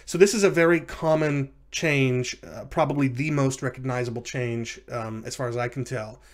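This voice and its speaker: A man teaching a recorded language lesson in a mid-pitched voice. He walks through each example carefully, pausing with fillers and correcting himself as he goes. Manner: explanatory, with frequent fillers and self-corrections. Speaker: lecturer.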